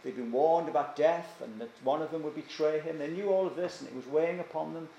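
A man's voice: fairly high pitch, fast, gravelly, dark tone, a little hiss or hum. A man preaching a sermon earnestly, often asking his listeners questions. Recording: echoey church room, faint ambience.

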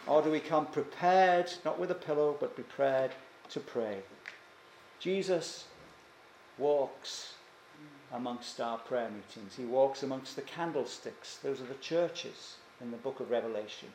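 A man's voice: medium pitch, a little slow, darkish tone, a little hiss or hum. A man preaching a sermon earnestly, often asking his listeners questions. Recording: echoey church room, faint ambience.

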